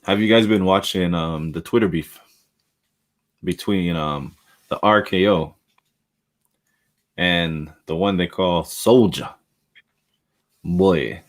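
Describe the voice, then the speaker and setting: A man's voice: sits low, slow pace, pauses often. A man hosting a podcast, chatting casually and acting out quotes with a lot of laughter. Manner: animated storytelling, acts out quotes, laughs often. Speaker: podcast host. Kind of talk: casual chat.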